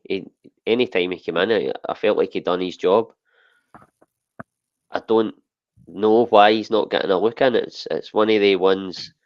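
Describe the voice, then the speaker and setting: Low-voiced Scottish man, dry lo-fi audio. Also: no room sound. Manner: rambling, with frequent "eh" and "listen". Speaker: podcast co-host. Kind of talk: casual football chat. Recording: dull, dry lo-fi podcast audio.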